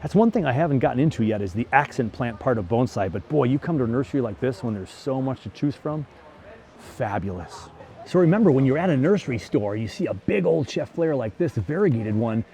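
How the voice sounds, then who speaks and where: Walking through a plant nursery's indoor greenhouse, a middle-aged man hosts his bonsai vlog in a chatty, enthusiastic way, exclaiming often. He talks quickly with few pauses, lively intonation, a medium pitch, and a dark tone, over slight background noise.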